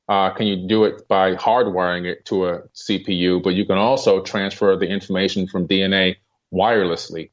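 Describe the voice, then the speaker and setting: A man, a guest author, giving earnest, explanatory answers in a radio interview, with frequent fillers. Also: fairly low pitch. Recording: muffled lo-fi radio audio.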